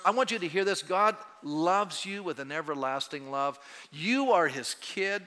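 Bright high-voiced older pastor preaching. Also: male voice, normal speed, few pauses. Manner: conversational, teasing the congregation, building to fervent. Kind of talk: sermon. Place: church sanctuary. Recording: reverberant church hall.

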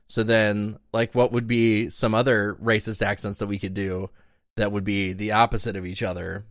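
A young man co-hosting a podcast, deadpan and sardonic in casual banter. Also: lowish voice, moderate pace, no echo, studio quality. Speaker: podcast co-host.

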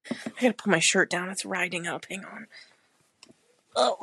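A woman's voice: fairly low pitch, normal speed, creaky, a bit bright, husky. A woman co-hosting a casual podcast chat, blunt and swearing freely, laughing often. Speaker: podcast co-host; married mother.

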